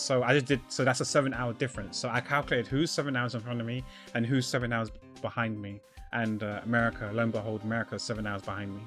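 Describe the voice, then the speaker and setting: A man's voice: medium pitch, fairly bright tone. A man streaming a video game, rambling and thinking aloud in casual commentary. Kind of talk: casual let's-play commentary. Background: faint game music.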